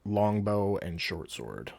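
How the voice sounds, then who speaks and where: A man's voice: lowish voice, big pitch swings, slow pace, creaky, darkish tone, husky, no room sound. Man patiently running a tabletop game. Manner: patient, explains rules step by step. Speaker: game master.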